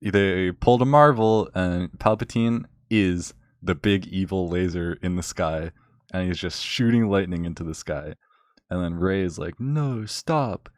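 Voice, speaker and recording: A young man rants about a film in a loose, rambling way, with a sarcastic edge and constant fillers. His voice is very low. The sound is close and dry, with no room echo. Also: unhurried. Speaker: vlogger. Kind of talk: casual rant recapping a film.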